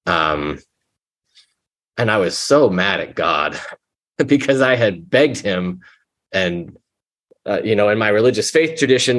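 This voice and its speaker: Candid, rambling man sharing his story. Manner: rambling, self-deprecating, with frequent fillers and restarts; animated when quoting himself, dropping low when reflective. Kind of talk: candid personal testimony.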